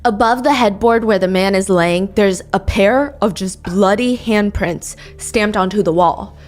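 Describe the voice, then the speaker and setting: A woman with a medium-pitched voice narrates a true crime case. She dwells on grisly details and reads quotes out as she tells it. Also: a little slow, soft background music.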